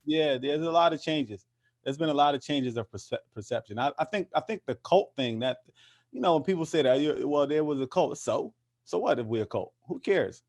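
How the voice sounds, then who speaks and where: A man's voice: fairly high pitch, animated, normal speed, darkish tone. Passionate man with many restarts. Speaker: interview guest, activist. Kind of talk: casual conversational interview.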